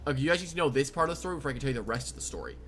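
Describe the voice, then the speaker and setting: Young adult rambling thru a storytime, bright voice, pitch jumps all over, faint music behind. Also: rapid-fire. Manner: rambling, animated, restarts often. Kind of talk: casual storytime over gameplay.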